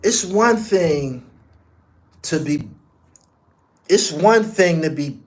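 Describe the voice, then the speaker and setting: Slow-talking high-voiced male podcaster. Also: expressive. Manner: blunt, profane, emphatic storytelling. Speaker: podcast host. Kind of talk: casual commentary.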